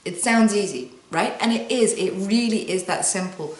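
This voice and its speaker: A woman talking to camera as a wellbeing coach, giving calm, soothing step-by-step instructions and guiding the listener through breathing. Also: medium pitch, normal speed. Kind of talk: guided self-help talk to camera. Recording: echoey room.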